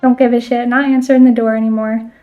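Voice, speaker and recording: A woman's voice: a little high, flat delivery, quick pace, soft background music. Girl streaming a game, chatty, says like a lot, kinda muffled audio. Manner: chatty, fills talk with "like", swears casually. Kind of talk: casual chat while playing a game.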